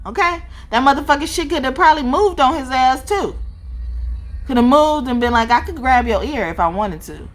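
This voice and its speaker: Young woman reading tarot, swears a lot, laughs, super animated. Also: high-pitched, normal speed. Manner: animated, profane, laughs often. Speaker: tarot reader.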